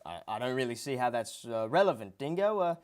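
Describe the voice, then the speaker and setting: A man's voice: medium pitch, lively intonation, fairly quick, natural voice. A man playing a flustered, stammering talk host. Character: flustered male talk show host, defensive. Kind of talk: comedy sketch acting.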